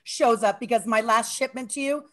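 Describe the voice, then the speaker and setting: A woman's voice: a little high, normal speed. A woman co-hosting a casual talk show, playful and teasing. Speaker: co-host. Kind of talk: casual chat.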